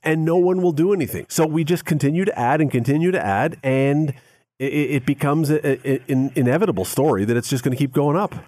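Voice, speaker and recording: A man's voice: fairly high pitch, fast, dark tone, no echo, studio quality. A man, a radio host, giving emphatic opinions in a casual on-air chat. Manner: opinionated, emphatic, mocks quoted complaints.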